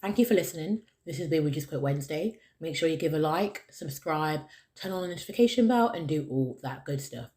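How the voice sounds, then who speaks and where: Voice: medium pitch, lively intonation, a little fast, few pauses, a little mellow. A podcast host talking alone, earnest and encouraging, who keeps repeating the key phrases to stress a point. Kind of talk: solo podcast monologue.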